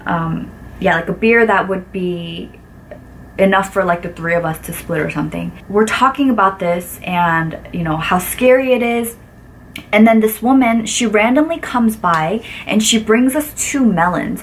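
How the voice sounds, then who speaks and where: A woman in her thirties tells a personal story straight to camera in a casual vlog. Her voice sits at an ordinary middle pitch, and she talks animatedly, peppering every sentence with "like" and acting out what people said. A faint hum of background noise runs underneath. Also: measured pace. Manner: animated, acts out quotes with lots of "like" fillers. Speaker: vlogger.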